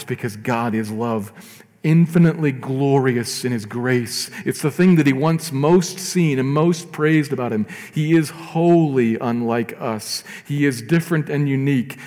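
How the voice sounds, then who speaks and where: A man preaching a sermon as pastor, earnest, rising to emphatic lines and dropping to soft, slow ones. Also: medium pitch, in a large hall.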